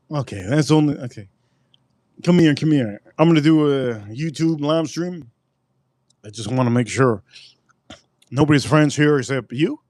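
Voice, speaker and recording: A man's voice: medium pitch, fairly quick, dry recording. A man hosting a casual livestream, rambling and joking with plenty of swearing. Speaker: livestream host.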